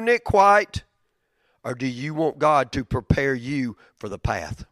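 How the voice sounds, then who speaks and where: A man preaching a sermon in a conversational, storytelling way, swinging from loud outbursts to near-whispers. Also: very animated, slow, no echo, studio quality. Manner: conversational, storytelling with big swings in loudness and pitch. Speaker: pastor.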